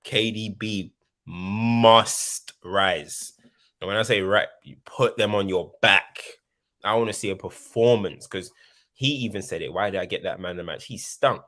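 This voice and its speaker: A man's voice: fairly low pitch, measured pace, fairly bright tone. A man co-hosting a casual football chat, laid-back and slangy, pressing his points with asides. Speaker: football pundit co-host.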